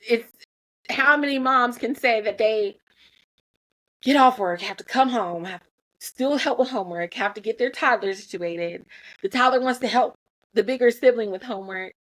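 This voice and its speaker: A woman's voice: a little high, normal speed, long pauses, fairly bright tone. Earnest self-critical mother talking candidly. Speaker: mother sharing parenting reflections. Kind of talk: candid personal talk.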